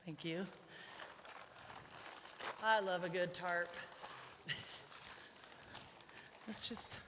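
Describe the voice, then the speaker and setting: A woman's voice: lowish voice, steady tone, very slow. Woman horse trainer, chatty and joking, coaxing a colt, long arena echo, faint background hum. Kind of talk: live riding demonstration with commentary. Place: large indoor arena.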